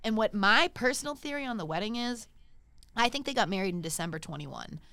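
A woman hosting a podcast in casual chat, talking fast and loose with lots of filler words. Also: mid-range voice, lively intonation, sharp tone, clean tone, no room sound. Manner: chatty, heavy use of "like", swears casually. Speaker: podcast host.

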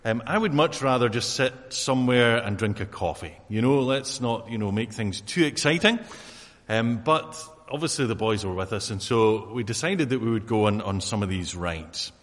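A man preaching a sermon in a relaxed, conversational way, full of fillers and asides to his congregation. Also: lowish voice, normal speed. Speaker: pastor. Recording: long hall reverb.

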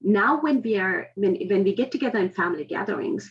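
A woman's voice: mid-range voice, expressive, a little fast, creaky. A woman in her forties with an adapted Indian-heritage Australian accent, telling her story as an interview guest in an earnest, reflective way. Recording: dull lo-fi audio.

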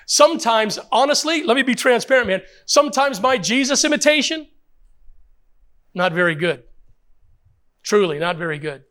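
High-voiced man preaching a sermon. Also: expressive, moderate pace, long pauses, a bit bright. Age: older. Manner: emphatic preaching with rhetorical questions and repetition. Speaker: pastor.

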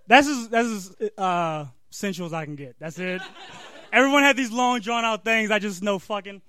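A comedian reading a crude comic story aloud on stage, laughing and breaking off for asides. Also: male voice, high-pitched, normal speed, pushed and bright, clear, resonant tone.

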